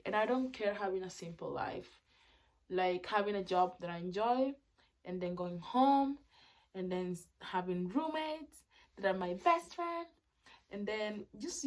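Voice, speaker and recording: A young woman in her twenties records a casual vlog monologue on her phone. Spanish is her first language, and she talks in English at an ordinary pitch for a woman. She swings from loud, excited outbursts to soft, thoughtful musing. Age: 20s. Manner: expressive, swings between loud excited bursts and quiet reflective talk. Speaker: vlogger.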